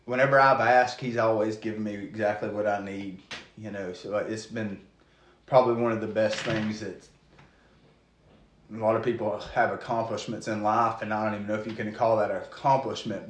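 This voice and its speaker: A man giving an earnest, halting testimony of his call to preach, full of restarts. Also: fairly low pitch, reverberant. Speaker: guest preacher. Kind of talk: testimony in casual conversation.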